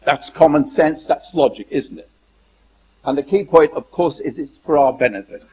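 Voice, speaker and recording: A man's voice: on the high side, lively intonation, normal speed, a little mellow, low-quality recording. A man from the United Kingdom talking in an emphatic monologue, repeating phrases and acting out the dialogue of his story. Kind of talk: monologue telling a personal story.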